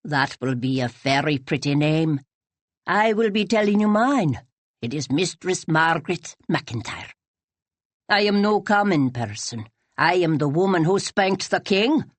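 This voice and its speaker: A proud old widow with a commanding, formal way of speaking, as a woman reader puts her on. She speaks slowly and deliberately in a lowered, darker tone. The recording is close and dry, with no room sound. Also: animated, no echo. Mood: dignified. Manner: slow, measured, formal speech.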